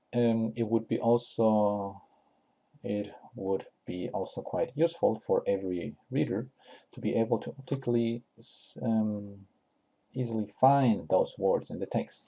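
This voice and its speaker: Slow, gravelly-voiced man explaining software. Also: lowish voice. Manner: unscripted, many fillers and restarts, thinking aloud. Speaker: tutorial host. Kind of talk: screen-recorded software tutorial.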